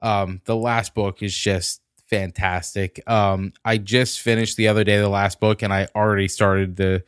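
A man with a fairly low voice chats casually on a podcast. He talks things through in a storytelling way and states his views bluntly. The sound is dry and close, with no room echo. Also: level tone, normal speed, hardly any pauses, clear, resonant tone. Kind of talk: casual chat.

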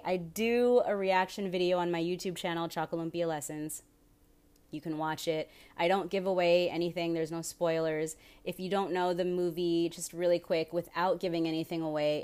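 A woman hosting her own podcast in a casual solo chat, rambling, swearing freely and interrupting herself. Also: lowish voice. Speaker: podcast host.

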